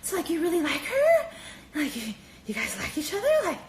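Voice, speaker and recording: A woman imitating a gushing, fake-sweet young woman who stammers and giggles in a breathy, sugary tone. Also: extremely high pitch, huge pitch swings, a little fast, slight background noise, voice pushed up, full character voice. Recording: echoey room.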